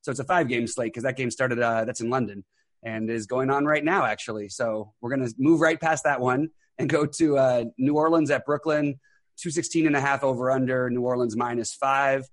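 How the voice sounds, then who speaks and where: A man's voice: medium pitch, fairly even intonation, dry recording, clean studio sound. A man hosting a fantasy sports podcast over an internet call, upbeat and full of fillers. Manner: quick, upbeat, many fillers. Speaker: podcast host.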